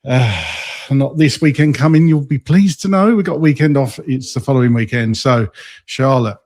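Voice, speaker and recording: A man's voice: medium pitch, normal speed, darkish tone. Man hosting a podcast recap. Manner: recaps the match with frequent ums and stumbles. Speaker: podcast host. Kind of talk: casual podcast chat, match recap.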